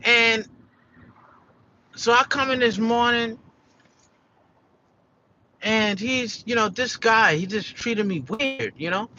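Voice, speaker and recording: Bright-voiced American man ranting casually. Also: very high-pitched, takes it slowly, pauses often, muffled recording, slight background noise. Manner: rambling and profane, full of "like" and "you know". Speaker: vlogger. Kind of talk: casual rant to camera.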